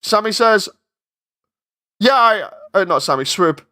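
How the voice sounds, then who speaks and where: Rambling male streamer, fairly high voice. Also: expressive, slow, pushed and bright. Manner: rambling, self-interrupting, exasperated. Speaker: streamer and fan animator. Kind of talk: casual live-stream chat.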